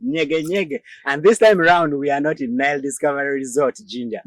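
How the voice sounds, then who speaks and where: A man's voice: a little high, fairly quick, no room sound. A man from Uganda with a Ugandan English accent, hosting a casual news commentary show in a chatty, joking way with frequent laughs. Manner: chatty and joking, laughs often, many fillers. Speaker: host.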